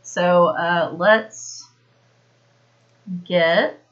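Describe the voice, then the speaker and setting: A woman's voice: lowish voice, extremely slow, dull audio. An American woman giving a casual, rambling history lesson on a live stream, full of fillers and restarts. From United States.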